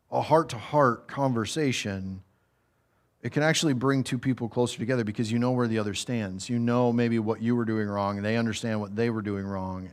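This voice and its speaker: A man preaching a conversational, humorous sermon that builds to raised, emphatic passages. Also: mid-range voice.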